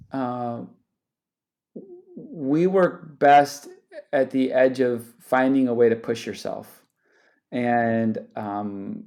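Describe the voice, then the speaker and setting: With a warm, mid-range voice, a man guesting on a podcast as a startup founder talks animatedly in conversational interview style. He often laughs and starts sentences over.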